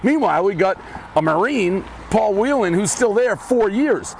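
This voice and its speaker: An out-of-breath man delivers a blunt, profane rant while walking. His voice sits high and pushes forward, and faint traffic hums in the background. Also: animated, normal speed, vocal fry. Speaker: commentator ranting in a video clip. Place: outdoors on a street, walking.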